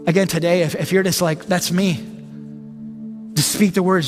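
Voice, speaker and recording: A man preaching and then praying, earnest and halting, often repeating words as he goes. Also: sits high, fairly even intonation, long reverb tail, soft background music. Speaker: pastor. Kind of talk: sermon with closing prayer.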